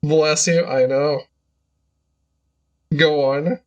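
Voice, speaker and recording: Slow, playful male game streamer. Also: on the high side, fairly bright tone. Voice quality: playful, laughs often, hams up reading foreign text aloud. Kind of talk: casual gameplay commentary.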